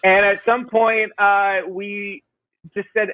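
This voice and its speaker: A man's voice: sits high, flat delivery, takes it slowly, no room sound, narrow, tinny audio. A man being interviewed on a podcast as a band vocalist, talking in a rambling, self-deprecating way with many fillers. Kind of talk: casual interview chat.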